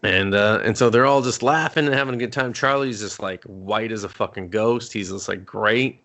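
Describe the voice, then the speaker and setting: Man, gravelly, movie review co-host, casual, profane, quick character impressions. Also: fairly low pitch, pushed and bright. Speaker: podcast co-host.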